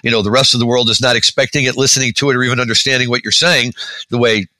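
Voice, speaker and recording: A man's voice: medium pitch, steady tone, racing, bright, forceful tone, dry recording, low-quality recording. A middle-aged man co-hosting a podcast, chatting casually and telling rambling stories with lots of fillers. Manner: rambling, storytelling with many fillers. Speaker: podcast co-host. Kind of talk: casual chat.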